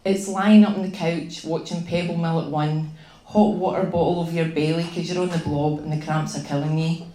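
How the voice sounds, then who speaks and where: A woman with a Glaswegian accent reading her own short story aloud at a live event, unhurried and vivid. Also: low voice, fairly even intonation, mellow. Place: bar venue, live event. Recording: echoey bar room.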